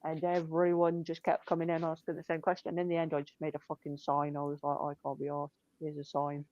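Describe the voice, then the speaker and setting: A woman, telling shop stories in a blunt, sweary, deadpan way. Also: sits low, a little fast, no room sound. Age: 20s. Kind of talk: casual chat. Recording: dull lo-fi dry sound.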